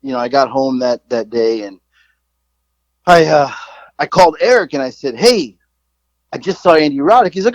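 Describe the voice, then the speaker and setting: A man in his forties tells a long, meandering story on a podcast, swearing freely and poking fun at himself. His voice sits a little high for a man, and the sound is close and dry with no room echo. He talks casually, with plenty of restarts and asides. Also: lively intonation, normal speed, pauses often. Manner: rambling, profane, self-mocking. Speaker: podcast co-host.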